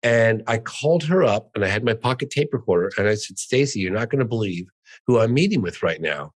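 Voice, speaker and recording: A man's voice: on the low side, lively intonation, a little fast, rough recording. A middle-aged man from the United States, a podcast guest telling a long story in an earnest, emphatic way and insisting it is all true. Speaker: guest, documentary filmmaker. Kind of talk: animated storytelling.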